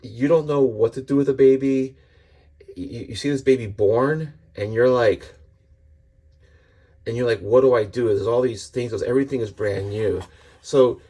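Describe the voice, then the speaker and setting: A man's voice: mid-range voice, a little mellow. A middle-aged man giving a casual, earnest comics book review, rambling with frequent restarts.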